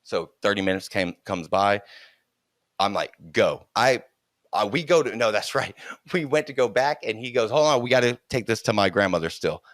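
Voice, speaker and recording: A middle-aged man telling a childhood story in casual conversation, animated and laughing often, restarting his sentences as he goes. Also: fairly low pitch, moderate pace, no room sound, studio quality.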